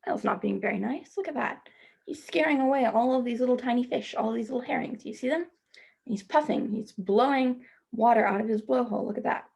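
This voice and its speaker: Husky, slightly gravelly woman, fairly high voice, children's story read-aloud, gentle questions to the kids. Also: a little fast. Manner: gentle, asks the listeners questions; speaks to children as "friends". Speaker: teacher reading aloud to children.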